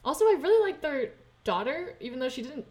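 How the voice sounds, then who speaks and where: A woman's voice: high-pitched, big pitch swings, fast talker, darkish tone. Rambling, giggly young woman. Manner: rambling, self-interrupting, giggly. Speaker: podcast co-host. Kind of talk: casual chat.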